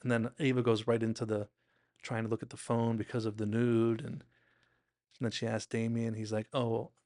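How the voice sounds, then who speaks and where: A man's voice: fairly low pitch, completely flat delivery, moderate pace, darkish tone, no echo, clean studio sound. A man hosting a podcast, casually and enthusiastically breaking down a TV episode with lots of "like"s. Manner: chatty, enthusiastic, acts out quotes, many "like"s. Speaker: TV recap podcast host.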